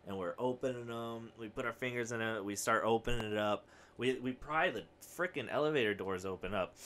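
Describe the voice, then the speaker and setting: A young man hosting a comedy podcast, rambling through a story and acting out the other people in it. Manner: animated, acts out quoted voices with big pitch jumps. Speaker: podcast host. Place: home studio with a whiteboard.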